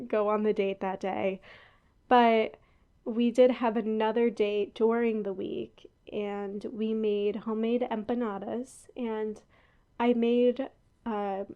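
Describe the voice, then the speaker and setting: A woman's voice: a little high, warm tone. A young woman hosting a podcast in a casual, rambling chat, laughing and going off on asides. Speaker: podcast host. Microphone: headphones on, talking into a podcast mic.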